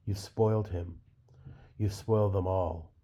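A man reading as a gruff, cursing husband. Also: low-pitched, steady tone, unhurried, warm tone. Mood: resentful. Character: angry working-class husband, middle-aged. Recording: dull lo-fi recording.

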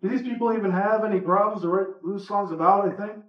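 A man with a slightly high voice reads a personal story aloud at a live event, relaxed and conversational. He sounds muffled and far from the mic, in a roomy, echoing space. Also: quick pace. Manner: relaxed, conversational, a few fillers between parts. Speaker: reader at a live reading. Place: indoor reading event. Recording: echoey room, from far off, muffled.

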